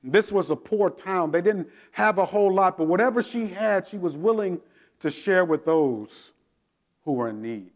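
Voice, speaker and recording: A man's voice: high voice, expressive, moderate pace. Man preaching a storytelling sermon. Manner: prays softly, then tells stories with shouted drill commands. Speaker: pastor.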